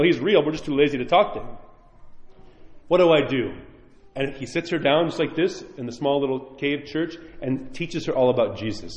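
A man preaching an animated storytelling sermon, repeating phrases for emphasis. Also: on the high side. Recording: echoey hall with long reverb.

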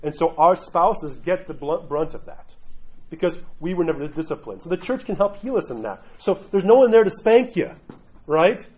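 A man's voice: on the high side, expressive, normal speed, a little mellow, rough recording. A middle-aged man, an Orthodox Christian clergyman, giving casual spiritual talk and often asking "right?". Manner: conversational, keeps asking "right?"; acts out quoted voices.

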